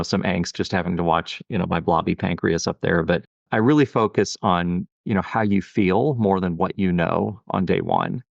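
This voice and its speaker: In this podcast interview, a middle-aged pediatric endocrinologist talks in a thoughtful, earnest way and keeps saying "you know." He sits low in pitch with some vocal fry, captured in a dry, lo-fi recording.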